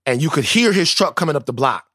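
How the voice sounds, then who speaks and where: A man's voice: fairly high pitch, lively intonation, fast, sharp tone, slightly rough, dry recording, studio quality. A man, co-hosting a podcast in casual, profane, joking banter. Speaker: podcast co-host.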